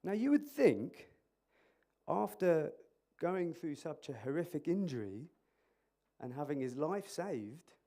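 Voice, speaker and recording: Man, emergency clinician, lively conference speaker on a mic, voice a touch high, jokey, interactive. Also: takes it slowly. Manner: animated, jokey, quizzing the audience. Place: conference hall. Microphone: microphone.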